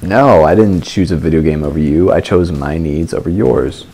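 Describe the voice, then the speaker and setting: A man's voice: very deep voice, moderate pace, warm tone. A young man giving casual self-help advice in a vlog, playful and self-mocking. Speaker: vlogger. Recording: music playing underneath.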